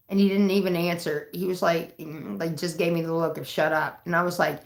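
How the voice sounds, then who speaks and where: A woman's voice: lowish voice, normal speed, few pauses. A woman livestreaming, casually telling stories to her viewers, swearing freely and acting out the quoted lines. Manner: profane, animated retelling with quoted voices. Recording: echoey room.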